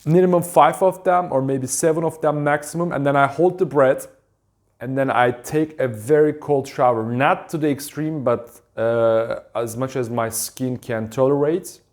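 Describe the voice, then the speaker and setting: A man calmly explaining his stress routines, talking in a halting way with many pauses and restarts. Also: medium pitch. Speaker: wellness teacher. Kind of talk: casual instructional talk.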